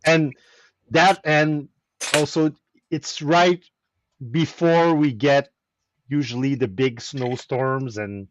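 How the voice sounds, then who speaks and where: The weekly chat stream's host, a man with a French Canadian accent, tells a story casually and animatedly, restarting it over and over. He speaks slowly at a medium pitch, pausing often, and the muffled recording has a little hiss or hum.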